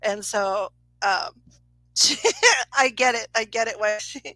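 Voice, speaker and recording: A woman's voice: medium pitch, takes it slowly, pushed and bright, no room sound, low-quality recording. A woman psychic medium telling a story in a casual livestream reading, chatty, laughing often and swearing freely.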